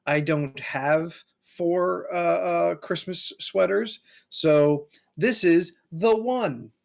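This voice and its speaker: A man co-hosting a podcast in casual banter, halting with many fillers and restarts. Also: high voice, creaky. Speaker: podcast co-host.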